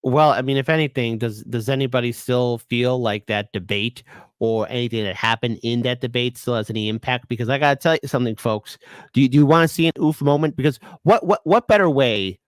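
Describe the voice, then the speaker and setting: A man's voice: medium pitch, fairly quick, clear, resonant tone, dry recording. A man hosting a political commentary show, stumbling and stuttering as he reads documents aloud and gives his opinions. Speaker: host.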